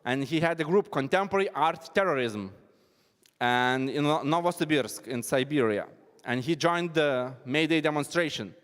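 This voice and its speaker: A man giving a halting, self-deprecating talk at an arts event, with non-native phrasing. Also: fairly high pitch, fairly bright tone, long reverb tail. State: out of breath. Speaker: performance artist presenting. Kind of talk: informal spoken presentation. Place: large hall at an arts event.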